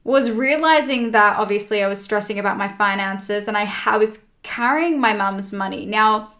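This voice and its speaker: A woman's voice: medium pitch, fairly bright tone. A young woman chatting as a podcast guest, retelling a personal story with plenty of swearing. She voices her own past lines as she goes, in an everyday mid-range voice. The delivery is loose and conversational. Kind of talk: casual storytelling chat.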